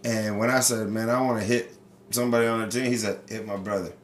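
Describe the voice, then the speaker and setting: A man hosting a casual chat, telling baseball stories with lots of swearing and animated energy. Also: medium pitch, fast talker, reverberant, a little hiss or hum. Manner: profane, animated storyteller. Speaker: podcast host.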